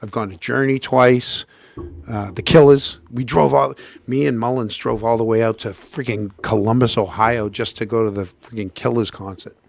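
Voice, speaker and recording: A man's voice: moderate pace, creaky. A middle-aged man, co-hosting a casual show and telling a story animatedly, acting out what people said. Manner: animated, acts out quotes with jumps in pitch. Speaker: co-host.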